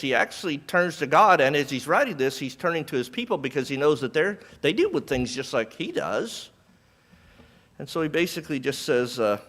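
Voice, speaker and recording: A man's voice: mid-range voice, fairly bright tone, in a large hall. A middle-aged man preaching a sermon in an earnest, conversational way, often restarting his phrases.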